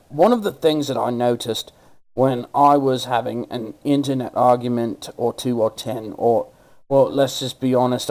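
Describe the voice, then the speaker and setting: A man doing online commentary in a sarcastic, mocking rant. He leans into a put-on accent, rough and gravelly. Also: medium pitch, darkish tone, rough recording. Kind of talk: ranting commentary.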